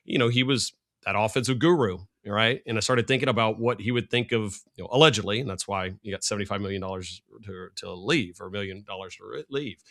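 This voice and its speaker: A middle-aged man, a sports analyst guest, talking fast and rambling in casual podcast chat. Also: lowish voice, a bit bright.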